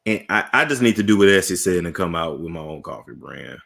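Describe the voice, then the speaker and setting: Man, host, casual chat, animated, bright. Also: sits low, a little fast, gravelly. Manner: animated storyteller, laughs a lot.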